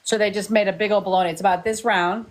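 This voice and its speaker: A woman's voice: mid-range voice, steady tone, fast. A woman hosting a live stream as a psychic medium, chatty and playful, teasing her guests in casual chat.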